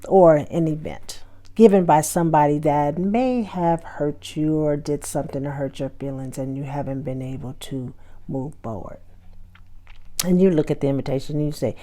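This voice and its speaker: With a low, mellow voice at a normal speed, a female host offers motivational advice on her own show. She keeps things conversational, acting out scenes and dialogues from everyday life.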